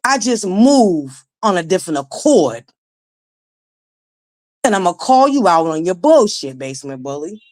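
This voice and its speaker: A woman in her forties with a naturally raspy voice, hosting a casual live-stream commentary, blunt and profane, talking straight to her viewers. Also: on the low side, big pitch swings, measured pace, long pauses, a little mellow. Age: 40s. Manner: blunt, profane, emphatic, addresses viewers directly. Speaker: livestream commentary host.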